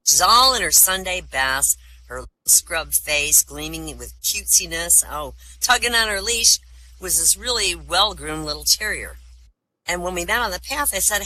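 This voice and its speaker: Lady cracking jokes, bright sharp voice, swings way up and down doing the characters, faint hiss behind. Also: unhurried, low-quality recording. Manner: animated, acts out characters with big pitch jumps. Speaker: comedian telling jokes. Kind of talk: live comedy joke-telling. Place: online voice comedy show.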